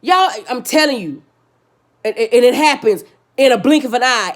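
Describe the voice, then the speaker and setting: High-voiced woman ranting profanely. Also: expressive, moderate pace. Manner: heavy swearing, emphatic repetition, preachy; alternates loud outbursts with low subdued stretches. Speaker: vlogger. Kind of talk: impassioned profane rant.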